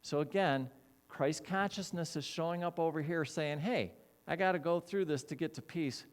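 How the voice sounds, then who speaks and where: A man preaching a sermon as a minister, animated, acting out quoted voices and repeating key words. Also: fairly high pitch, moderate pace.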